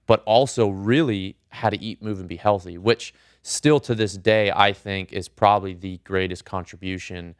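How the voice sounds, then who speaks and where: A man's voice: fairly low pitch, moderate pace, hardly any pauses, clear, resonant tone, no echo, studio quality. A man who works as a strength coach, a guest on a podcast, earnestly explaining his training background. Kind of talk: casual podcast interview.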